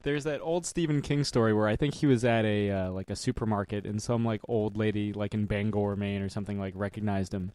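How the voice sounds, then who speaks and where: A man hosting an interview show, relaxed and rambling, chuckling as he tells stories. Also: fairly low pitch, a little fast, hardly any pauses, clean tone, dry recording. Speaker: show host. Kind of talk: casual interview chat.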